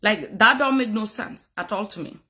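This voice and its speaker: A woman's voice: medium pitch, normal speed, pushed and bright. A woman streaming live as a content creator, scolding commenters in a heated rant and switching between English and another language. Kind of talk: angry livestream rant at commenters.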